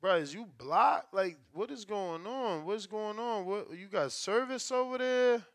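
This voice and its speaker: Host: man with a high, smooth voice, dry close sound, bantering in slangy, profane talk with callers and viewers. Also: a little slow, a bit bright, dry recording. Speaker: show host. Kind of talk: casual live-stream call-in show.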